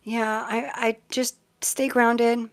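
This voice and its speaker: A woman's voice: on the high side, level tone, takes it slowly. Chatty, giggly middle-aged woman reading tarot. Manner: chatty, giggly, easily distracted. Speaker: tarot reader hosting a live stream. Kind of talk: casual live-stream tarot reading.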